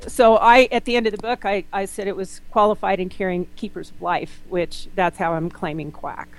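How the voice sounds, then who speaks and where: A woman naturopath being interviewed, talking bluntly and telling lively stories, often acting out what people said. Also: mid-range voice, moderate pace, a little hiss or hum, low-quality recording. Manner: blunt, animated storyteller, quotes people in lively voices. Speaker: naturopath guest. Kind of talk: candid interview conversation.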